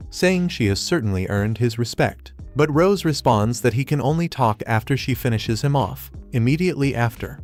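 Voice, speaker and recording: A man narrating an anime story recap in a steady, even third-person retelling. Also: medium pitch.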